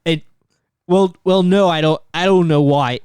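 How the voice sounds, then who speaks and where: A man's voice: fairly high pitch, measured pace, darkish tone, smooth, no echo. A young man co-hosting a podcast in casual chat, giggly and trailing off mid-thought. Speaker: podcast co-host.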